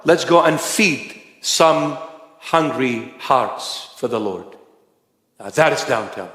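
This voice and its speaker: Forceful preacher man in an echoey hall. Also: mid-range voice, lively intonation, slow. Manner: forceful, rising to shouting. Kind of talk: sermon.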